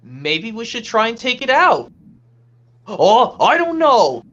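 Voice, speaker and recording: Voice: mid-range voice, huge pitch swings, slow pace, fairly bright tone, highs cut off, voice pushed up, exaggerated voice. A speaker doing an impression of a whiny little cartoon kid, yelping and complaining. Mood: hurt, whiny.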